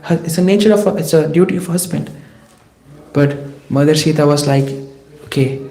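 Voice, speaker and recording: A man giving a scripture class lecture, telling the story in a lively way and speaking in the voices of the people in it. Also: a little high, brisk, echoey room, low-quality recording. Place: temple hall.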